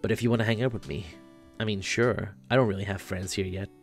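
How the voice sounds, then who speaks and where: A man's voice: fairly low pitch, quick pace, soft background music, lightly acted. A man voicing a bewildered, sarcastic teenage student in a game, speaking dryly. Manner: sarcastic, deadpan.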